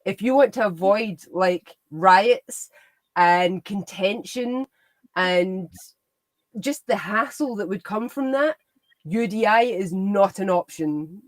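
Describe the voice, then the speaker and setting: A woman's voice: medium pitch, slow pace, no echo. Emphatic woman. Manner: emphatic and opinionated. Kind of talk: casual political discussion.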